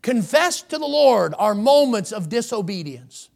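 A man preaching with lively, swinging pitch. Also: measured pace, vocal fry. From United States. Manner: preaching with rising emphasis, reading scripture aloud. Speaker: pastor. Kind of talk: sermon. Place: church sanctuary.

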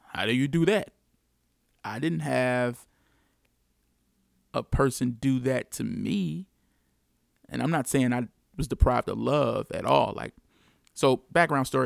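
A man's voice: mid-range voice, gravelly, dry recording, clean studio sound. A man from the United States telling his story as a father in an earnest, reflective monologue, repeating key phrases for emphasis.

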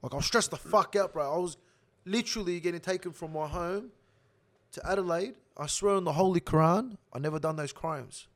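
A man's voice: high-pitched, brisk. Swearing Australian man telling a jail story. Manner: swears heavily, animated slang-filled storytelling. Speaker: guest telling a prison story. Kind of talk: casual storytelling.

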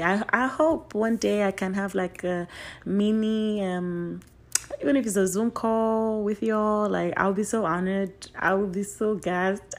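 Young woman podcast host, lowish voice, super effusive, repeats herself a lot, goes from excited bursts to quiet little asides. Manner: effusive, repeats phrases for emphasis; swings between excited bursts and soft trailing asides. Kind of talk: solo podcast chat.

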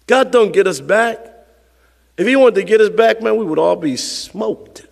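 A man's voice: sits high, moderate pace, creaky, in a large hall. A male pastor preaching a sermon with emphatic, repetitive phrasing and call-and-response to the congregation.

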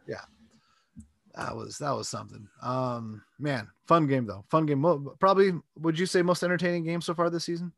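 A man co-hosting a casual sports podcast, talking in a relaxed, rambling way. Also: fairly high pitch, normal speed, vocal fry, dry recording. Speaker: podcast co-host.

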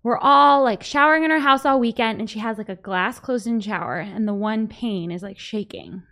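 A woman's voice: a little high, a little fast, a bit bright. A woman hosting a podcast, chatting casually and laughing easily. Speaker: podcast host. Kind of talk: casual chat.

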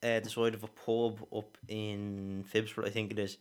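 Stumbling, laughing co-host. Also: male voice, fairly low pitch, flat delivery, smooth. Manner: stumbling repeats, quick to laugh. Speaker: podcast co-host. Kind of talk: casual chat.

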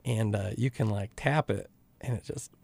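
Young man, co-host, casual chat, warm dark tone, playful jokes. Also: on the low side, normal speed, vocal fry, dry recording. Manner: joking, playful asides. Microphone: studio microphone with pop filter.

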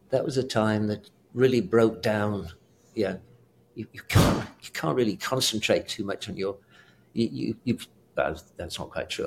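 A man's voice: on the low side, a little hiss or hum. Older British-accented man, chuckling and rambling. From South Africa. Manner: rambling, chuckling, self-correcting. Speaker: guest, retired pain doctor. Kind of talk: casual interview chat.

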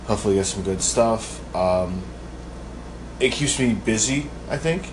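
A man's voice: on the low side, measured pace. A man chatting casually in a vlog with a groggy early-morning voice, rambling with many fillers. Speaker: reseller vlogger. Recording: noisy background.

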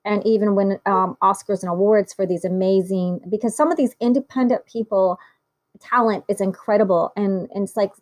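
Female host, mid pitch, chatty, eager, "like" a lot. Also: fairly even intonation, moderate pace, darkish tone. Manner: enthusiastic, chatty with "like". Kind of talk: casual conversational interview.

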